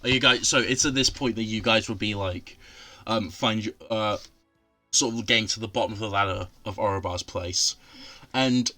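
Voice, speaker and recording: A man's voice: on the low side, normal speed, pushed and bright, faint music behind. A man running a tabletop game from home, narrating with many ums and restarts. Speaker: game master.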